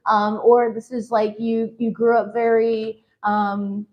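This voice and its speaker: A woman's voice: a little high, flat delivery, slow, muffled recording. A woman chatting casually as she gives a tarot reading, peppered with "like" and "you know". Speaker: tarot reader.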